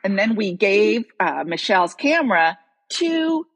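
A woman co-hosting a podcast with a husky voice, telling a story in a wry, playful way on a laptop microphone. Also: mid-range voice, very animated, a little slow, a bit bright. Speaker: podcast co-host. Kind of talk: casual storytelling chat.

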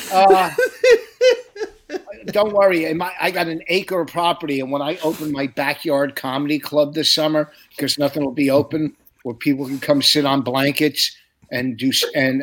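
A man's voice: a little high, moderate pace, fairly bright tone, slight background noise. A middle-aged man, a comedian hosting a podcast, chatting casually and rambling through stories while laughing at his own jokes. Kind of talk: casual chat.

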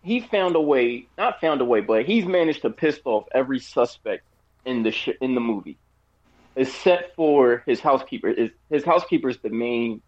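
Hiccuping as he goes, a podcast co-host reviews a movie in a casual chat, his mid-range voice expressive and his pace normal. He rambles, restarting sentences and leaning on fillers, all captured in lo-fi audio.

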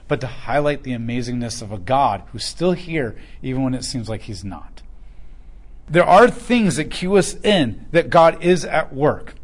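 A man giving a conversational Bible study lecture, speaking emphatically and sometimes acting out the people he quotes. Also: fairly high pitch. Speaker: Bible teacher.

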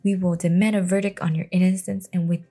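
A woman reading the lines of a gentle, devout young man, soft and earnest, often near a whisper. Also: fairly low pitch, flat delivery, quick pace, faint music behind.

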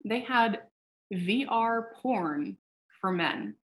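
Frank, animated woman telling her story. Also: medium pitch, extremely slow. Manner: animated storyteller who acts out quoted dialogue; frank, swears casually. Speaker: founder of a sex tech company, podcast guest. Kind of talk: casual interview storytelling.

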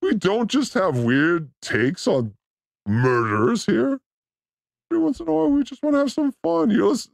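Crude jokey guy riffing on clips for his stream chat, highish gravelly voice. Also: no echo, clean studio sound. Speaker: show host reacting to clips. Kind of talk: livestream clip commentary.

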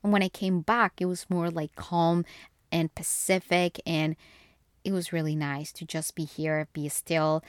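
A young woman from Colombia hosting a podcast, chatting casually and rambling as she answers quick this-or-that questions. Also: low-pitched, flat delivery, clean tone, dry recording, studio quality. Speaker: podcast host. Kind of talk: casual solo podcast chat.

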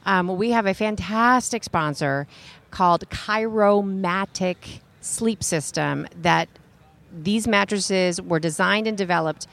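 A woman co-hosts a radio talk show. She speaks in a loose, conversational way and leans on "like" and other fillers. Her pitch sits in the ordinary middle range for a woman. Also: takes it slowly, creaky. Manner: relaxed, filler-heavy, uses "like" often. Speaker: radio co-host. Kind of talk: casual talk and ad reads.

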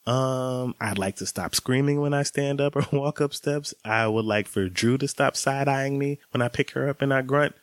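A man in his late twenties talking casually in a vlog, chatty and relaxed, laughing now and then as he speaks. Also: medium pitch, moderate pace, few pauses, no room sound. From American South. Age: 20s. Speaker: vlogger.

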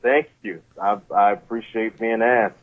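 Man, stand-up comedian, guest, low voice, phone-line sound, halting, easygoing. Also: fairly even intonation. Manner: easygoing, modest, halting restarts. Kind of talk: casual interview chat.

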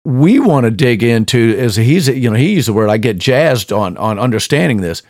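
A mid-pitched man hosts a show with emphatic casual commentary. He often repeats and restarts his words as he talks. His voice sounds dry and close, with no room echo. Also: lively intonation, moderate pace, darkish tone. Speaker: show host.

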